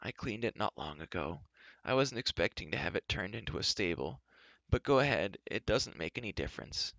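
A man's voice: on the low side, animated, fairly quick, vocal fry, bright, forceful tone, no echo, heavily acted. A man putting on a sighing gloomy recluse. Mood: grudging sigh. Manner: sighing, weary, sulky. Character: gloomy put-upon old male recluse. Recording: dull dry lo-fi recording.

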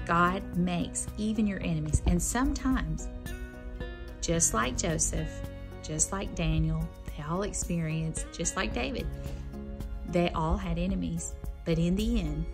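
A woman's voice: lowish voice, unhurried, gravelly. A woman teaching a Bible class, speaking sincerely and encouragingly. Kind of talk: Bible lesson talk. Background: music.

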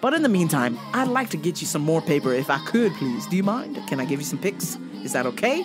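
A woman's voice: deep voice, very animated, fast talker, over music. A middle-aged woman hosting a podcast in loose, profane chat, swearing freely and often breaking into song. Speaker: podcast host. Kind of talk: casual profane chat with bursts of singing.

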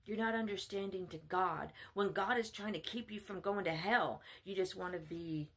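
A woman's voice: mid-range voice, fairly quick, gravelly, hardly any pauses, a bit bright, breathy edge. A woman delivering a blunt, scolding sermon monologue. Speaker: self-styled spiritual mother preaching.

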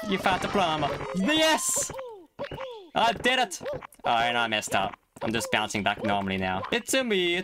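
A man's voice: mid-range voice, background noise. A young man giving jokey live commentary while playing a video game, talking to the game and to his viewers. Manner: excitable, jokey, talks to the game and chat. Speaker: gaming YouTuber. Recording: game music behind the voice. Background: game music.

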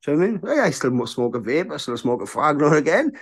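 A man's voice: a little high, very animated, very fast. A man in his thirties, a bare-knuckle fighter, talking frankly in a casual interview and often asking "do you know what I mean?".

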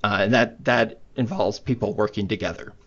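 A man's voice: on the low side, moderate pace. A man presenting a webinar in a conversational way, with lots of fillers. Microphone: computer mic on video call. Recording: muffled online meeting audio.

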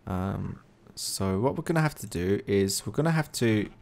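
A man's voice: on the low side, lively intonation, moderate pace, vocal fry, a little mellow. A young man commentating his own gameplay, chatty and coaxing animals along, growing easily exasperated. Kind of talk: let's play commentary.

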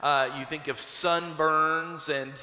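A Kentucky-born pastor preaches to his congregation, slipping from prayer into an animated personal story. His voice sits a little high and rings bright and forceful. The sound carries the long reverb of a church sanctuary. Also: slow. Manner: conversational, building to animated storytelling.

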